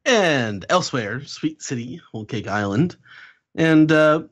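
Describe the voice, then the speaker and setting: A man's voice: on the high side, animated, measured pace. A man hosting a podcast, chatting casually and animatedly as he recaps a comic, often chuckling as he reads lines out. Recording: slightly muffled, dull audio.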